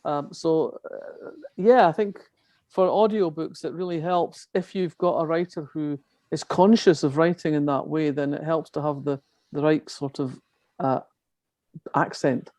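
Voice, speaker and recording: A woman's voice: low-pitched, steady tone, unhurried, mellow, no room sound. An older woman from Scotland, a crime novelist, talking in a chatty way with many restarts at an online festival. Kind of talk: festival talk on a video call.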